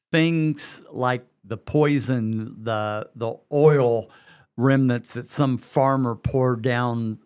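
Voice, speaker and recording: Middle-aged West Virginia man, podcast co-host, slow and earnest, repeats words as he thinks. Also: medium pitch, clean tone. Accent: Southern US, West Virginia. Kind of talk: conversational podcast talk.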